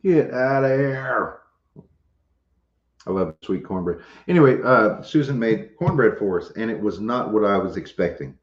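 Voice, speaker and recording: A man's voice: fairly low pitch, lively intonation, a little fast, hardly any pauses. A man hosting a casual livestream, chatting with viewers in a laid-back, joking way. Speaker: homestead channel host. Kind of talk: casual livestream chat, reading viewer comments. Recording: roomy, dull lo-fi audio.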